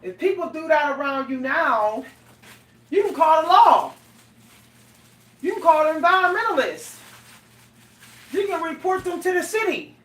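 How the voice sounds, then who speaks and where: A woman's voice: sits high, sing-song, unhurried, long pauses, fairly bright tone. A middle-aged woman, talking casually and animatedly to her viewers, laughing and exclaiming often. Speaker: vlogger. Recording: echoey room, voice a bit far from the mic.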